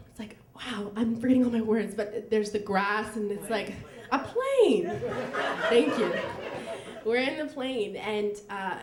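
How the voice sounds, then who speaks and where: A young woman telling a personal story live on stage, chatty and laughing, with lots of fillers. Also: a little high. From United States. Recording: echoey live room.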